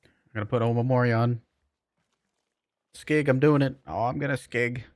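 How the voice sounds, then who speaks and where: A man with a mid-range, fairly even voice streams a game at normal speed, chatting loosely with his viewers and rambling with lots of fillers. The recording is dry, with clean studio sound.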